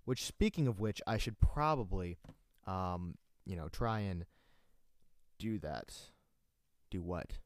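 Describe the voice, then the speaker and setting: A man's voice: deep voice, expressive, slow pace, no echo, studio quality. A young man hosting his own livestream, chatting casually, rambling and reading out chat comments with self-deprecating asides. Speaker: livestream host.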